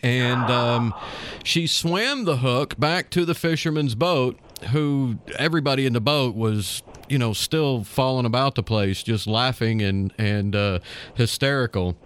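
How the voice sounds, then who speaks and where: A man's voice: medium pitch, unhurried, fairly bright tone, clean tone. A man co-hosting a radio show, telling a story in casual banter, rambling with lots of fillers and chuckles.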